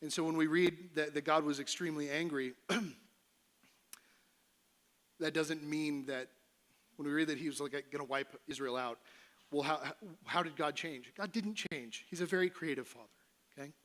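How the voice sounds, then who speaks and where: A man's voice: a little high, fairly quick, a bit bright. A middle-aged man, a pastor, preaching a casual, conversational sermon in a church sanctuary, joking and acting out voices of the figures he talks about. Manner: conversational, playful, acts out voices of Moses and God.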